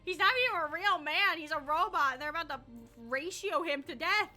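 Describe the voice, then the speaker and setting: Woman streamer, bright and high, chatty, joking commentary. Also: brisk, soft background music. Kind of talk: casual gaming commentary.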